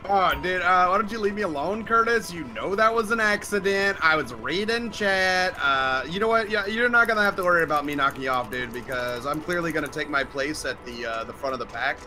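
A man's voice: on the high side, animated, fairly quick, hardly any pauses. Swearing young man streaming a game. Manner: joking, swears a lot, blows up in mock rage. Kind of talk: casual gaming livestream banter. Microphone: headset. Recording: loud game noise behind the voice.

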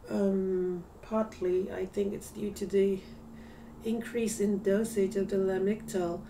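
A tired woman records a casual video diary at home. She speaks in a mellow, low-key voice, hesitant and soft, and now and then slips into a whisper. She sits a little away from the mic, with a faint hum in the room. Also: level tone, takes it slowly, recorded from a distance. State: tired, yawning. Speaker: vlogger.

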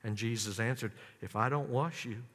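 A man preaching a sermon, telling the story dramatically and swinging from high, loud emphasis down to low, hushed lines. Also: normal speed. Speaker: pastor. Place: church sanctuary. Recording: long church reverb.

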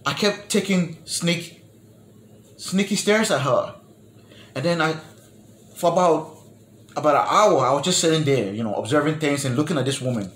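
A man from New York telling a personal story in a casual way, often repeating and restarting words and dropping to a low murmur for asides. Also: moderate pace, long pauses, fairly bright tone. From New York, United States. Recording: echoey room with faint noise.

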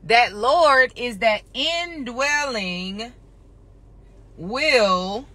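A woman's voice: a little high, animated, very slow, fairly bright tone, dry recording. A woman talking casually on a phone live stream as a spiritual teacher, chatty and folksy, calling listeners honey and y'all.

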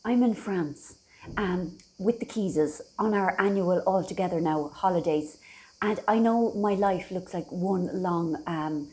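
A woman's voice: fairly low pitch, unhurried, mellow. A middle-aged Irish woman chatting casually to her phone camera from a holiday house, rambling and self-deprecating. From Ireland. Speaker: vlogger.

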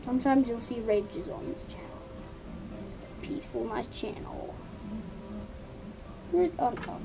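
A woman's voice: fairly high pitch, expressive, measured pace, vocal fry, background noise. A woman vlogger chatting casually to viewers while painting, rambling through asides and self-talk.

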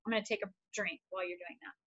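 A woman's voice: lowish voice, fairly even intonation, very fast, a bit bright, husky, dull audio. A woman therapist giving a casual, upbeat wellness workshop, encouraging and repetitive. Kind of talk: casual instructional talk.

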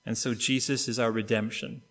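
A middle-aged Canadian pastor delivers a sermon, using vivid stories and acting out what each person says. His voice has a middle pitch, and it carries a long reverb through the church hall. He moves from hushed, slow lines to louder, quicker bursts. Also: level tone. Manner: storytelling with acted-out quotes, wide swings in loudness and pace. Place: church sanctuary.

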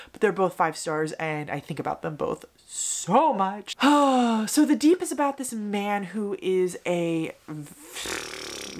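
A young woman talking casually about books she loved, chatty and expressive, gushing at times, in her apartment. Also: mid-range voice. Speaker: book reviewer. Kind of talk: casual book review vlog.

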